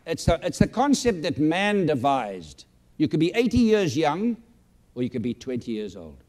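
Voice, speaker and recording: A man's voice: on the high side, huge pitch swings, normal speed, darkish tone. Older man giving a boastful speech. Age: 70s. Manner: boastful, emphatic and sentimental. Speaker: speaker addressing an audience. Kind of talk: motivational speech. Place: large room with an audience.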